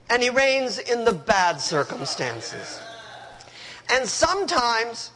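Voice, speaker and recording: A male preacher delivering a sermon, emphatic and speaking directly to his listeners. His high voice moves slowly with wide, lively swings. A long hall reverb follows each phrase. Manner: emphatic, conversational, addresses the congregation directly.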